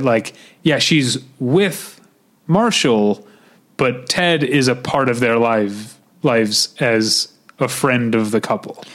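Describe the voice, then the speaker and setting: A man's voice: medium pitch, a bit bright. A man with a Midwestern accent co-hosting a casual podcast chat, rambling with lots of fillers and restarts. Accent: Midwestern American. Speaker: podcast co-host.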